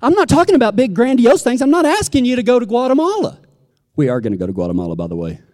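With a very high, slightly mellow voice, huge pitch swings, and a fast pace, a Texan preacher spins folksy stories in his sermon. He acts out what people say, and long hall reverb trails his words.

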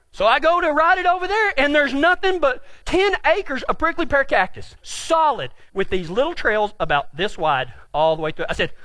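High-voiced Texan man spinning yarns. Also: normal speed, no room sound. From Texas. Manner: animated, folksy, self-mocking. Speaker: storyteller. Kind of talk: humorous storytelling.

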